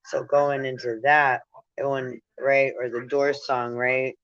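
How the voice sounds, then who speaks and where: A man's voice: medium pitch, level tone, slow pace, fairly bright tone, dry recording, muffled recording. A man hosting a spiritual talk, meandering with restarts and frequent "right?" asides, breaking into laughter while relaying messages. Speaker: spiritual channel host. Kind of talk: rambling spiritual monologue.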